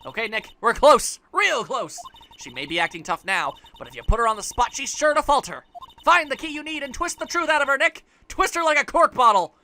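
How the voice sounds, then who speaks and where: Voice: high-pitched, big pitch swings, brisk, bright, forceful tone, slight background noise, voice pushed up, full character voice. Ein Sprecher spielt eine eifrige junge Assistentin in einem Videospiel, die anfeuert. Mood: eager. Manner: eager, encouraging. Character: spirited young woman assistant.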